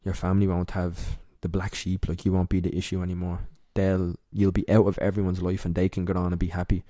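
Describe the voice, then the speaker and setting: A young man with an Irish accent, a podcast guest telling a personal story in a candid, emotional, halting way. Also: deep voice, monotone, mellow, no room sound, clean studio sound. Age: young adult.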